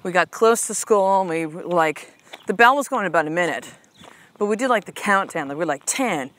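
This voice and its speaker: On her motivational podcast, a mother of a six-year-old who works as a life coach talks brisk and expressive in a lowish, slightly bright voice. She's casual and emphatic, leaning on "like" and "right?", cursing freely, and addressing her listener as "sister."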